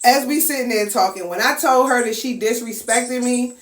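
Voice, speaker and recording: A woman telling a casual story, acting out the voices of people in it with big swings in pitch. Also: moderate pace. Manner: animated, acts out quotes with big pitch swings. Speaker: storyteller host. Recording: echoey room with faint noise.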